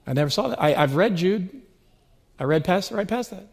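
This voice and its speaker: A man's voice: sits high, expressive, moderate pace, vocal fry, slightly rough. A middle-aged man preaching a sermon, telling stories with rising, swelling emphasis. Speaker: pastor.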